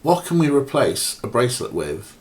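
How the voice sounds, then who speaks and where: A man's voice: medium pitch, big pitch swings, moderate pace. A man streaming a point-and-click game, talking casually and rambling with many fillers while chatting to viewers and his cats. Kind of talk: casual let's-play commentary.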